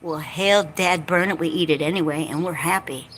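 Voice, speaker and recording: A woman's voice: low voice, normal speed, fairly bright tone, slight background noise. A woman with a Southern US accent chatting casually on a livestream, joking, folksy and a bit salty. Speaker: vlogger. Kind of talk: casual rambling livestream chat. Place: outdoors by a lake.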